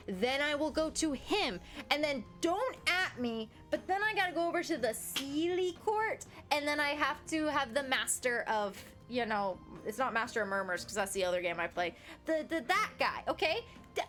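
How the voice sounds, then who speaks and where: A woman's voice: high voice, normal speed, faint music behind. Chatty American woman reading a game aloud. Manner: chatty, giggly, reads game lines aloud with animated asides. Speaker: gaming streamer. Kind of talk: reading and commenting on a visual novel.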